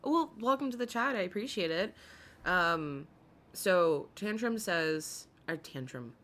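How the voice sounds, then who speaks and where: A woman with a low-set voice hosts a casual live commentary stream. She talks in a loose, chatty way and swears freely. She keeps greeting viewers in the chat by name between her remarks. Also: animated, slow pace, a bit bright.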